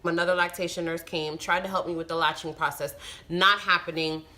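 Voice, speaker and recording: A woman vlogger talking casually to camera, telling a personal story in an animated, emphatic way. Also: on the low side, fairly quick. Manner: animated, emphatic retelling with frustrated outbursts. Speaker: vlogger and new mother.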